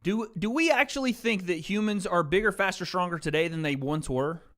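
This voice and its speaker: A man with a high, fairly bright voice talks a little fast as he hosts a casual livestream. He chats loosely with his viewers through a desk mic routed into a mixer, tossing in plenty of "bro" and "dude."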